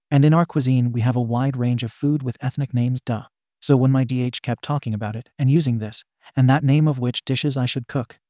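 A man's voice: medium pitch, dark tone, no room sound, studio quality. A man narrating a forum story aloud, reading abbreviations letter by letter.

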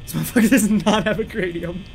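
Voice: mid-range voice, fast talker, vocal fry, a little hiss or hum. A streamer playing a horror game live, panicking, swearing, giggling nervously and greeting chat between scares. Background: game music and sounds.

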